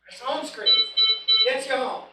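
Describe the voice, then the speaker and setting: A woman with a high, bright, clear voice leads a hands-on training class and spells out each step with firm emphasis. She is picked up from across a very echoey room with a faint hum of noise behind her. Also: a little slow, far from the mic. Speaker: equipment trainer.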